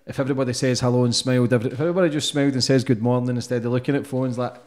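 Fast-talking, blunt male podcast host. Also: medium pitch, steady tone, a little mellow. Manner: quick, blunt, swears freely. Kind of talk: casual chat.

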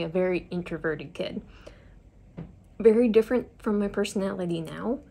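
A woman's voice: medium pitch, creaky, a little mellow. A young adult woman chatting in a confiding, self-deprecating way while doing her makeup, telling a story from her school years. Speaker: vlogger. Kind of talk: get-ready-with-me storytelling.

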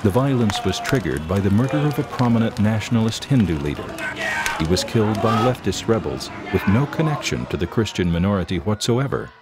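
A man reading scripted documentary narration in a measured, even delivery. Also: on the low side, over loud music.

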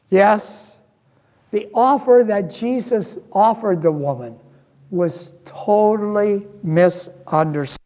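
A male pastor preaching slowly and earnestly, his fairly high voice carried by a long church reverb. He leans on rhetorical questions to draw the congregation in. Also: dark tone. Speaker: guest pastor. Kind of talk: sermon. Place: church sanctuary.

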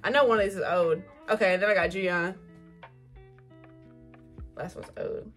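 A young woman gushing over an album unboxing in casual chat, excitable, swearing and full of fillers. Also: medium pitch, a little fast, soft background music.

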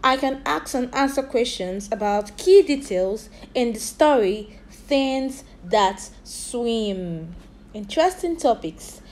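A woman English teacher leading a phonics lesson for young children, slowly sounding out and spelling words for them to repeat. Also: a little high, animated, a little mellow. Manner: slow, drilled repetition of sounds and spellings.

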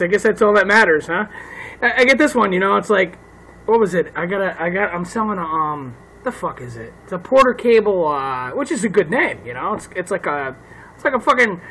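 Male comic, gravelly and husky, swears constantly, rambling phone rant. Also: high voice, pushed and bright, rough recording. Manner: rambling, heavy swearing, laughs at own jokes. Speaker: comedian ranting. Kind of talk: casual profane rant. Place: home.

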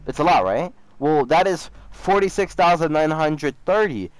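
A man's voice: a little high, animated, moderate pace, no room sound. A young man chatting casually while gaming, teasing and mocking another player, often repeating himself. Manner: mocking, repeats himself, says bro a lot. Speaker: YouTuber trolling a scammer.

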